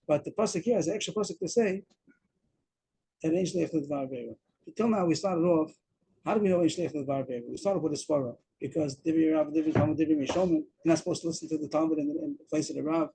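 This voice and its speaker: A fast-talking man with a warm, gravelly voice on the high side teaches daf yomi Talmud over a video call. Explaining step by step, he repeats words and uses Aramaic terms. The audio is poor, with slight background noise.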